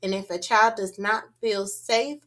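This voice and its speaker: A woman giving a teacher training talk on early childhood classrooms, explaining in a measured, instructive way and often checking in with "right?". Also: medium pitch, steady tone, a bit bright.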